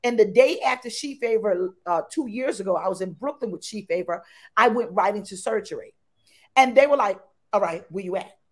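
A woman guest in an interview chat, talking exuberantly and repeating her phrases with excited bursts. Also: mid-range voice, brisk. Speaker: podcast guest.

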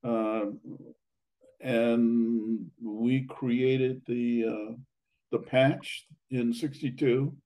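An older man reminiscing about his academy days, halting with many fillers and restarts, his voice going hoarse and his throat needing clearing. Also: medium pitch, fairly even intonation, dark tone, rough recording. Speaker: interviewee, academy alumnus. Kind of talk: reminiscing conversation.

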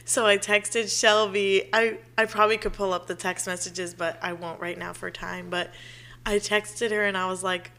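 Bright-voiced young woman, animated storyteller. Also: medium pitch, normal speed. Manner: animated storytelling, acts out quotes, laughs often. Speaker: podcast co-host. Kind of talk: casual chat.

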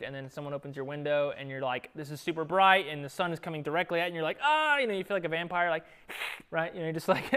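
A man's voice: on the high side, clean tone. A young man leading a Bible study in a room with a group, talking in a loose, conversational way and sometimes dropping to a whisper. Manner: conversational, lively, drops to a whisper at times. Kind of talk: casual Bible teaching. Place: classroom with a group.

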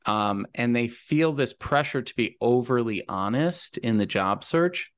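A man hosts a career talk, chatting easily and turning over his thoughts before asking his guest something. His voice is middle in pitch and sounds dry and close. He tends to restart his phrases as he thinks. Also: lively intonation, a little slow, no echo. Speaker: podcast host on job searching. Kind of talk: conversational interview.

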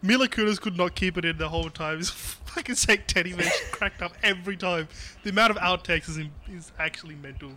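A man, an excitable co-host on a casual podcast who swears freely. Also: high voice, brisk. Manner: excitable, swears, bursts of laughter. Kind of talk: casual chat.

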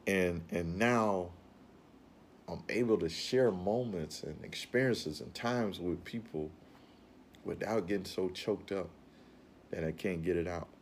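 A man's voice: sits low, unhurried, slight background noise. A man giving an earnest, rambling motivational talk about facing fear, often repeating his phrases.

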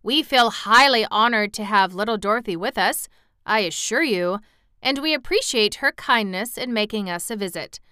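A woman reading aloud and voicing a grand, gracious male fox king in a storybook, with a courtly, flattering manner. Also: medium pitch, moderate pace, clear, resonant tone, dry recording.

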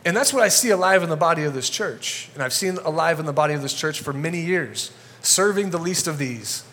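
Getting fired up as he preaches, a male pastor addresses his church congregation in an energetic, conversational sermon. His voice is a little high and his delivery fairly quick.

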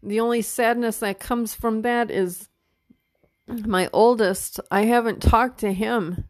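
A woman's voice: fairly high pitch, steady tone, takes it slowly, no echo. Woman, middle-aged, podcast host, casual monologue, candid, heartfelt, swears freely, dry close recording. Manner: emotional, openly tearful at times.

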